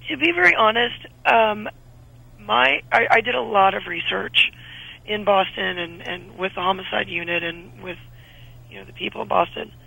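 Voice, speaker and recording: A woman in her thirties talks as a radio guest, animated and quick to restart her sentences. Her voice is husky and very bright, with a little gravel and a high pitch. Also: rough recording. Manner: chatty, animated, frequent restarts. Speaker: actress guest. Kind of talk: casual radio interview chat.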